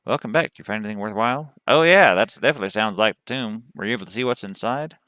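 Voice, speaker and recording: A man's voice: lowish voice, racing, sharp tone, clear, resonant tone, no echo, clean studio sound. A man voicing a folksy, earnest cowboy quest-giver man in a video game, reading his lines aloud with a put-on cowboy drawl. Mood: weary.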